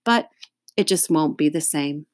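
A woman's voice: sits low, expressive, a little slow, no room sound, clean studio sound. A woman voicing a friendly male yard teacher who speaks earnestly and encourages a student. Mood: encouraging. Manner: gently earnest, coaxing.

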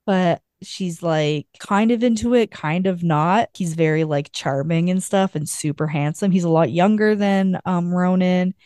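A woman's voice: on the low side, unhurried, few pauses, darkish tone, smooth, no room sound, studio quality. A woman co-hosting a podcast, casually recapping a book in a rambling way with lots of filler words. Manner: rambling retelling full of "like" fillers. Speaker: podcast co-host.

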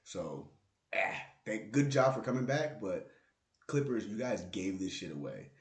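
A man's voice: fairly low pitch, lively intonation, measured pace. A man hosting his own podcast, in a casual, profane, joking rant about basketball. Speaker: podcast host. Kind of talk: casual solo basketball talk. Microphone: close podcast mic with plosive pops. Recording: roomy, echoey room.

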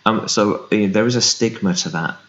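This business founder, interviewed remotely on a roomy, dull recording, talks briskly in a lowish voice. His casual chat is animated, with quoted voices from people who spoke to him acted out.

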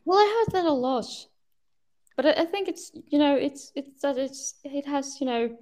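A woman whose first language is Swedish speaks English with a Swedish accent. Her voice sits a little high. She talks in a casual podcast style, breaking off and restarting her sentences as she hunts for the right word. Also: animated, a little mellow. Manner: halting, restarts while searching for words. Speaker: guest.

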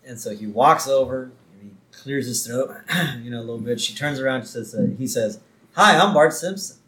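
A man at an ordinary middle pitch recaps a cartoon episode in a relaxed podcast chat. He slips into playful voices for the characters as he goes. The room around him rings with a noticeable echo. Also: brisk. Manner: animated retelling, acts out lines in funny voices. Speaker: podcast co-host.

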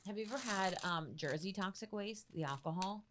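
A woman co-hosting a taste test over a video call, chatty and quick to giggle. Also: mid-range voice, a bit bright, a little hiss or hum. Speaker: co-host. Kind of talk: casual chat.

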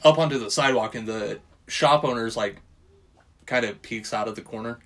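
A man's voice: medium pitch, normal speed. Rambling, swearing man recapping a movie. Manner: rambling, swears freely, acts out quotes. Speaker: podcast co-host recapping a film. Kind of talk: casual chat.

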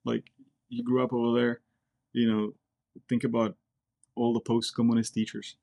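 A Czech man who serves in the Air Force talks as a guest in a casual interview, speaking bluntly and directly and often repeating words. Czech is his first language. His medium-pitched voice is flat and darkish, with vocal fry, at a moderate pace.

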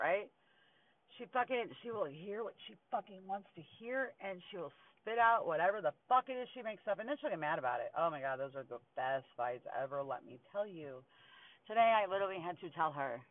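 A woman's voice: fairly low pitch, big pitch swings, a little fast, dry recording. A woman vents in a raw podcast monologue, swearing hard and ranting with heat. The sound is thin and phone-like, as if recorded over a tinny line. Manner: angry, heavy swearing, ranting. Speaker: podcast host. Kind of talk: venting monologue.

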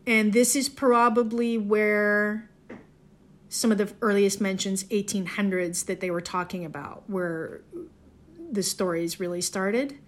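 A woman's voice: mid-range voice, steady tone, a little slow. A woman from the Ozarks, chatting casually in a digressive monologue and correcting herself as she goes. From Southwest Missouri, Ozarks. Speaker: folklore podcaster.

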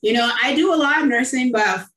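Woman host and nurse, effusive and chatty, slightly high, roomy far-off sound. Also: fairly quick, fairly bright tone. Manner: effusive, many fillers, emotional. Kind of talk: casual online interview. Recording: roomy, distant from the mic.

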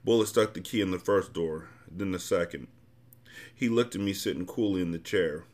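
Low-voiced man reading a novel aloud. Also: normal speed, a little mellow. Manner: casual, blunt, profane commentary. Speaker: podcast host and reader.

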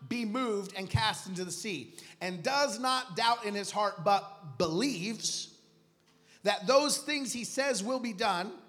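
Man, pastor, sermon, high-pitched, quiet to shouted, reverberant hall. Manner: swings from quiet to shouted declarations. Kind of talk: preaching a sermon.

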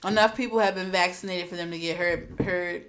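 A woman co-hosting a casual podcast chat, giggly and quick with reactions. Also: fairly low pitch, steady tone, heavy background noise. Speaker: podcast co-host. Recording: echoey room, off-mic.

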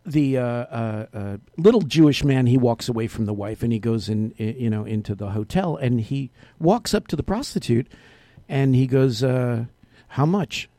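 A man's voice: medium pitch, normal speed, warm tone, no echo. A man co-hosting a casual talk show, playful and teasing, telling jokes. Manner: playful, teasing, tells jokes with put-on voices. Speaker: co-host.

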